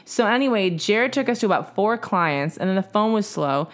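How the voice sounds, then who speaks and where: A woman hosting a podcast, reading a wild story aloud in casual chat, lively and blunt with slang and swearing. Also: medium pitch, normal speed. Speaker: podcast host.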